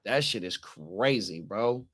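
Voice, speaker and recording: A man's voice: fairly low pitch, lively intonation, takes it slowly, over a noisy crowd. A man co-hosting a podcast, chatting in a laid-back way and reading out viewer comments. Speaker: co-host. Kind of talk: casual chat.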